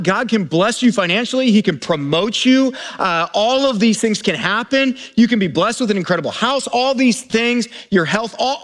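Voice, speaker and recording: Man, pastor, high-pitched, informal sermon, repeats words, talks to the congregation. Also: fairly bright tone. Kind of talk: conversational sermon. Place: church service before a live congregation.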